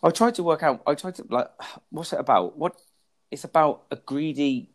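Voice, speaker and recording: A man's voice: fairly high pitch, moderate pace. A man co-hosting a podcast, joking crudely and rambling through film plots. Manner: cheeky, crude jokes, rambling storytelling. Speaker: podcast co-host. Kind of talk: casual banter about films.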